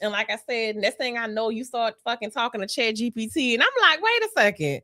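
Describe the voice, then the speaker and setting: A woman co-hosting a podcast in casual chat, loud, profane and animated, laughing often. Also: a little high, fairly quick. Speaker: podcast co-host.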